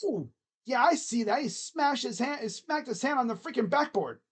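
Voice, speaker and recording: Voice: sits high, lively intonation, slightly rough. Rambling live game-reaction streamer. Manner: rambling, joking, talks to himself between plays; drawn-out play calls during game action. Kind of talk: casual live play-by-play reaction.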